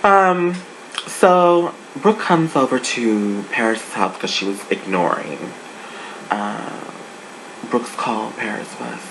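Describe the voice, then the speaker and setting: A sassy, dishy adult reviewer talking casually and swooping the voice up and down to make points. The voice sits in an ordinary middle register. A clear hiss of room noise runs under the speech. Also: animated, slow, fairly bright tone, low-quality recording. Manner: sassy, dishy, big pitch swings. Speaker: online show reviewer.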